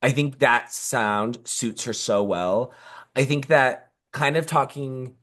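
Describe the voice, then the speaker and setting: A woman's voice: very deep voice, slow pace. A woman co-hosting a pop music podcast in casual chat, talking enthusiastically with lots of fillers. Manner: chatty, enthusiastic, many fillers. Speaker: podcast co-host.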